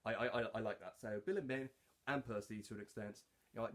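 A man talking casually about his hobby voice work, halting, with lots of fillers and restarts. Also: fairly low pitch, fairly bright tone. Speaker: hobby voice actor. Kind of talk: casual talk to camera.

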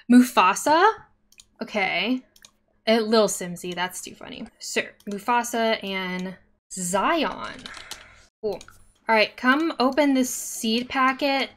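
Chatty young woman streaming a game. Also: fairly high pitch. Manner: chatty, excitable, talks to the game characters. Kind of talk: casual gameplay commentary.

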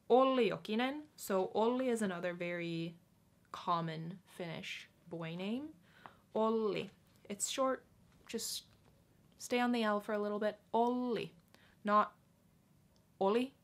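A young woman teaching pronunciation in a relaxed, unhurried way. She takes her time and repeats each word slowly and patiently. Her voice sits at a middle pitch. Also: creaky. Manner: slow, patient, repeats words carefully. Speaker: language teacher. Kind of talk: casual pronunciation lesson.

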